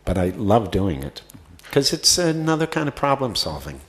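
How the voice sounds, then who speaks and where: Man with very low voice, festival Q&A, rambling answers, fillers and restarts. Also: very animated. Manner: rambling, many fillers and restarts, quick laughs. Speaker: actor answering audience questions. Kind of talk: festival Q&A conversation.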